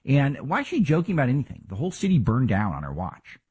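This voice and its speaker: A man's voice: medium pitch, huge pitch swings, fast, darkish tone, breathy edge. A man hosting a talk show, giving emphatic, argumentative political commentary full of rhetorical questions.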